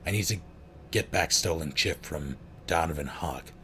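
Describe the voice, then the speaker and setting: A man's voice: extremely low pitch, normal speed, a bit bright, slight background noise. A man voicing a young female thief who pleads urgently in clipped, broken phrases.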